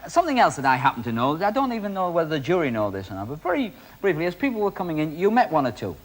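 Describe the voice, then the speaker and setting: Lively, teasing male show host. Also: a little high, racing. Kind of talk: presenting to a studio audience.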